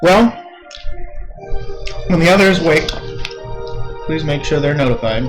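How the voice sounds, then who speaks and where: A man voicing a male commander who questions his men in a measured, authoritative way. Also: fairly high pitch, animated, faint music behind, poor audio. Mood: probing. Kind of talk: voicing a character in a tabletop game.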